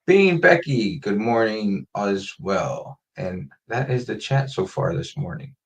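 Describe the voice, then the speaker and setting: A man hosting a casual livestream chat, reading out viewer names and greetings in a relaxed, rambling way from a home setup on a desk mic. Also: fairly low pitch, slow pace, creaky. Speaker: host.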